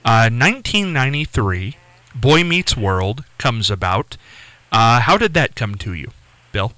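A man's voice: mid-range voice, big pitch swings, a little slow, pushed and bright, no echo, rough recording. A man hosting a radio interview, asking direct questions of his guest. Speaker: radio host.

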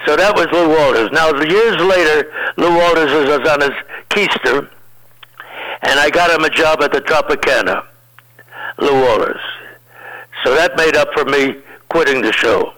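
An older man, a comedian, tells rambling, lively stories in a relaxed interview. He talks with a slightly high pitch and a very bright, forceful tone. He keeps restarting his sentences as he goes. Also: moderate pace, low-quality recording. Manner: rambling, animated anecdotes with restarts. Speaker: comedian guest. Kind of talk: casual storytelling in an interview.

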